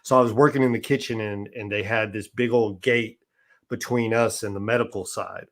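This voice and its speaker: A man's voice: lowish voice, steady tone, normal speed. A man as an interview guest, recounting experiences in a loose, conversational way, often checking in with "right?" and restarting his sentences. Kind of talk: casual storytelling interview.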